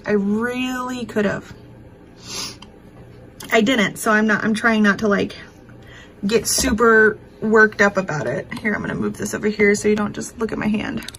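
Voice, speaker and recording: A woman's voice: medium pitch, a bit bright, slight background noise, poor audio. A woman, telling a story to camera at home in a rambling, emotional way with many fillers. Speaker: craft vlogger. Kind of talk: casual chat to camera.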